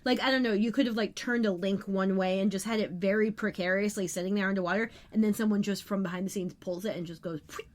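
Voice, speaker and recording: A woman co-hosting a podcast, chatting casually as she recaps scenes of a TV episode with quick asides. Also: medium pitch, fairly even intonation. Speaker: podcast co-host.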